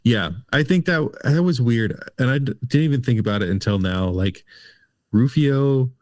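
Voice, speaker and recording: A man's voice: mid-range voice, animated, moderate pace, no room sound, studio quality. A man co-hosting a casual film review podcast, talking things through hesitantly with many fillers. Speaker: podcast co-host.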